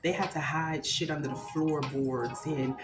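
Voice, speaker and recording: A woman's voice: low-pitched, fairly even intonation, a little slow, very noisy. A woman giving an impassioned spiritual monologue, emphatic and preachy, swearing freely. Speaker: spiritual content creator. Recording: roomy echo with loud music behind.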